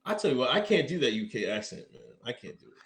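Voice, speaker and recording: A man's voice: mid-range voice, sing-song, fast talker, fairly bright tone. A man co-hosting a podcast in casual chat, rambling with lots of fillers like "you know" and "man". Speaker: podcast co-host.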